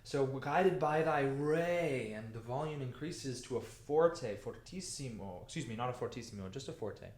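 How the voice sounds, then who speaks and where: A man teaching the alto part of a choir piece, explaining the markings patiently and speaking the lyrics slowly. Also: mid-range voice, a little mellow, roomy sound. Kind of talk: music lesson walkthrough.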